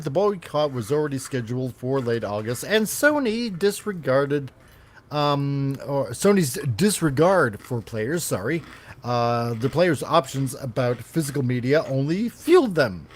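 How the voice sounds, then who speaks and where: Male podcast host, slow unhurried delivery, sarcastic asides, self-correcting. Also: on the high side. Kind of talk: casual chat reading gaming news.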